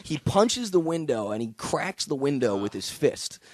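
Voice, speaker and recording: A man's voice: medium pitch, very animated, a little slow, husky, dry recording, studio quality. A male comedian telling a wild story on a podcast, with punchy, profane delivery. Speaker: guest comedian. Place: studio with podcast guests.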